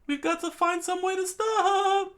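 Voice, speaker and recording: A frantic young male cook for a comic read-aloud, shrieking in a shrill, very high falsetto. He yells loud and strained, with a thin, altered tone. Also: fairly even intonation, unhurried. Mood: shrieking panic.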